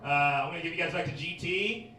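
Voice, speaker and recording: A man's voice: a little high, fast, heavy background noise. A man performing a stand-up set at a bar, bantering with the crowd and telling stories. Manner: crowd banter, animated storytelling. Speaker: stand-up comic. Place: small bar stage. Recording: echoey bar from far off, loud crowd.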